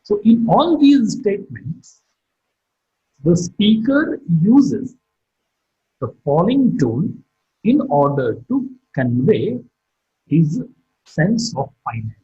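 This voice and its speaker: Man, phonetics lecturer, high voice, raspy tone, slow teaching delivery, middle-aged. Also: very animated, warm tone. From India. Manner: slow, deliberate teaching delivery with drawn-out demonstration sentences. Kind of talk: recorded online lecture. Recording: dull lo-fi lecture recording.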